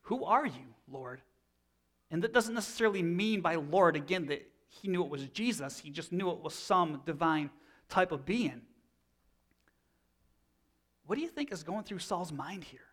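A man in his thirties preaching a sermon. He teaches in a loose, conversational way and often restarts his phrases. His voice sits on the higher side for a man. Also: expressive, moderate pace, fairly bright tone. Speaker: pastor.

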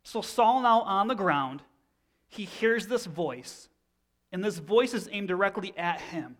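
A man's voice: high voice, lively intonation, a little slow, fairly bright tone. A man in his thirties preaching a sermon in a conversational teaching manner, often restarting phrases. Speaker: pastor.

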